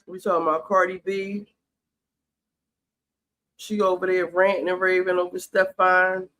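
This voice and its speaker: A man's voice: high voice, little pitch movement, measured pace, sharp tone, slight background noise. A man giving sassy, profane, heated commentary on a reality show while cooking in his home kitchen. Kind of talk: casual commentary chat.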